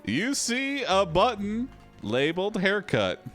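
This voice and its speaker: This live-streamed game commentary features a man whose voice sits high, swings hugely in pitch, and sounds fairly bright at a slow pace. He reacts to an AI story with jokes and frequent laughs, soft music underneath.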